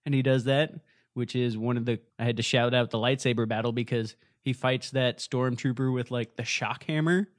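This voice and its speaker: A man co-hosting a podcast in casual chat, talking with enthusiasm and animated storytelling. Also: mid-range voice, moderate pace, no echo, clean studio sound. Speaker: podcast co-host.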